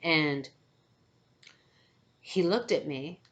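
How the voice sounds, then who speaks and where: Low-voiced woman telling a spiritual story. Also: animated, extremely slow. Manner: hesitant, many fillers, keeps asking "okay?". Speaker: spiritual channeler and empath.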